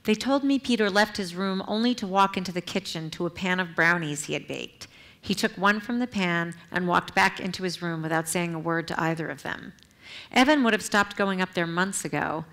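A middle-aged woman author reads from her own memoir at a public library event, measured and earnest, with brief asides to the audience. Her voice is lowish and a bit bright.

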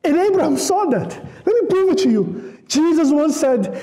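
High-voiced man preaching conversationally. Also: sing-song, normal speed, few pauses, mellow. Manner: conversational, repeats words for emphasis; asks the congregation rhetorical questions. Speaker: pastor. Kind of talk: sermon.

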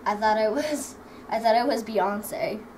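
A woman's voice: fairly high pitch, unhurried, darkish tone. A woman hosting a casual home vlog with friends, giggly and rambling as she chats and jokes. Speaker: vlog host. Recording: distant mic with clear background noise.

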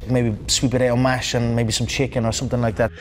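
A man with an Irish accent, answering interview questions in a relaxed way, listing items with fillers. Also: mid-range voice, fast, faint music behind. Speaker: interviewed athlete.

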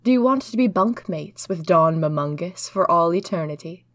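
A taunting, menacing villain who is half made of wood, as a woman reading the tale puts him on. He mocks his captive in a medium-pitched voice, closely recorded in a dry space with no room sound. It is a storybook reading. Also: expressive, normal speed, dry recording, natural voice.

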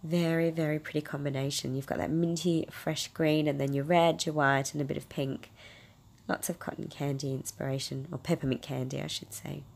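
A woman hosting a casual crafting tutorial, her voice hoarse and raspy from a cold as she chats and gushes over colours. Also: deep voice, darkish tone. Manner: chatty, gushing over colours. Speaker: craft video host.

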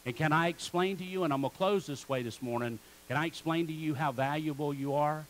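A man's voice: a little high, a little fast, a little hiss or hum, poor audio. A man preaching a sermon in church as pastor, calling on the congregation to repeat words back. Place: church sanctuary.

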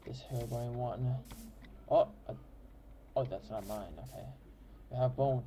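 A man talks through his gameplay in a loose, rambling way, stopping to correct himself mid-sentence. His voice sits in an ordinary middle pitch. The recording is noisy, with clicks audible behind him. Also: a little slow, warm tone. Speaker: gameplay host. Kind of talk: casual game commentary.

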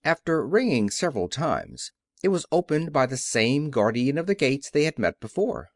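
A male audiobook narrator reading a classic children's story with a lively, swooping pitch. His voice sits in an ordinary middle range and the sound is dry and close, without room echo. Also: moderate pace, few pauses. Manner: expressive storytelling. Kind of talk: scripted narration.

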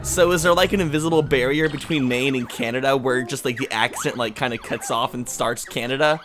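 A man's voice: medium pitch, a little fast, over music. A young man in casual gameplay banter, joking and rambling with crude humor from his bedroom. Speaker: gaming YouTuber.

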